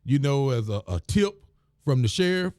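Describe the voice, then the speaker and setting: A man's voice: mid-range voice, expressive, normal speed, a little mellow, dry recording, studio quality. A man, a county sheriff, reading the week's reports and talking in a plain, folksy way on a live stream. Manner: plain, folksy, repeats phrases.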